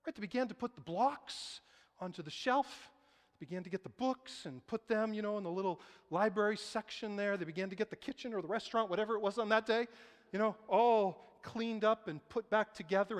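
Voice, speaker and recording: High-voiced pastor preaching in a hall. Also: male voice. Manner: animated storytelling, voices quoted people. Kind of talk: sermon. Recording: reverberant hall.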